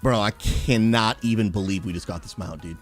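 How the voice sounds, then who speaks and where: A man, a pastor who streams games, chatting live with his viewers and calling them bro, bursting into shouts and laughter. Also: lowish voice, brisk, soft background music. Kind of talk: live gaming stream chat.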